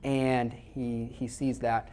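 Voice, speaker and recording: Speaking warmly and slowly in a level, medium-pitched voice, an Iowa man delivers a sermon to his congregation in church. He tells stories in a conversational style, frequently repeating words at the start of a phrase.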